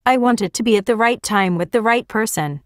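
A woman reading a teenage boy's lines in a storybook, calm and a little hesitant. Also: on the high side, a little fast, no echo, studio quality, close to an everyday voice. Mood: earnest. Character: teenage boy, gentle and earnest.

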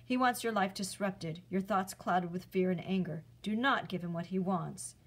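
A woman voicing a weary, wise old male centaur teacher in a storybook read-aloud, speaking calmly and firmly. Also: mid-range voice, normal speed, lightly acted. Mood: measured.

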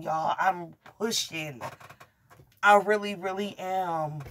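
A woman gives a casual tarot reading straight to camera. She talks bluntly and curses freely. She gets excitable, laughing and exclaiming as she goes. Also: lowish voice. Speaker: tarot reader.

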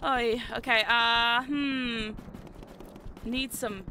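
A woman streamer giving live gameplay commentary. She is excitable, shrieks and swears at the game, and makes chatty, self-mocking asides to viewers. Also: fairly high pitch, very slow, slight background noise. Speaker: VTuber streamer playing a video game. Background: game music.

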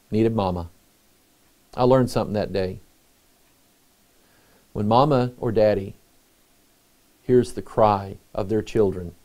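A middle-aged man, a pastor, preaching a sermon in an earnest, conversational way with pauses. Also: on the low side, a little mellow.

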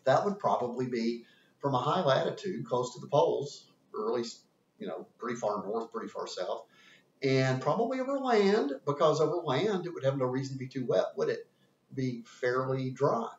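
A man's voice: mid-range voice, lively intonation, normal speed. A man giving an informal lesson, chatty, asking and answering his own questions. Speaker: teacher. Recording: roomy, distant, dull sound.

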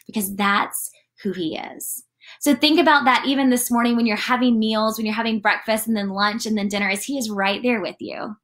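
A woman leading a casual morning devotional, talking in a chatty, animated way and often saying "like". Her voice sits fairly high. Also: brisk. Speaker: church devotional leader.

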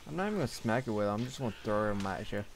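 A man's voice: lowish voice, very animated, very fast, a little hiss or hum. A young man giving casual gameplay commentary, grumbling and swearing to himself as he plays. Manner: grumbling, profane, talking to himself. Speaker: gaming channel host.

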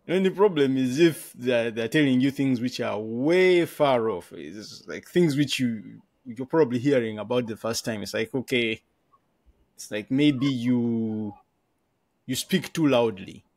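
Podcast guest, male, gravelly tone, close dry sound, relaxed and chuckling, restarts his words. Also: mid-range voice, a little slow, no echo. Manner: laughs often, repeats words while thinking. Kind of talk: casual conversation.

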